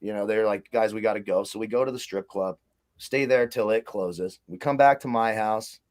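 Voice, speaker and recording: A man's voice: lowish voice, normal speed, darkish tone. Profane storytelling man. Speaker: co-host. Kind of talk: casual chat.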